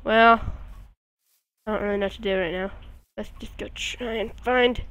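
A woman's voice: mid-range voice, steady tone, moderate pace, fairly bright tone. A woman giving casual commentary over her gameplay at home, rambling and goofy with sudden squeals. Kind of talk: casual let's-play commentary. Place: at home beside a friend.

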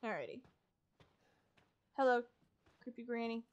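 A woman's voice: on the high side, animated, measured pace, dull audio. A woman streamer giving casual gameplay commentary, talking to herself in a chatty, wry and sarcastic way.

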